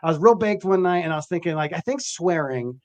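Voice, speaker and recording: A man telling stories in casual chat, animated and acting out the lines of the people he quotes. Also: a little high, quick pace. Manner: animated storyteller, acts out quotes.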